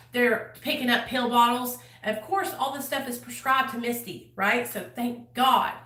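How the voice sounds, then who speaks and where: A woman's voice: on the high side, sharp tone, far from the mic. Candid woman telling a story. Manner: candid, swears freely, addresses viewers directly. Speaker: vlogger. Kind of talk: casual storytelling to camera. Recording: echoey room, a little off mic.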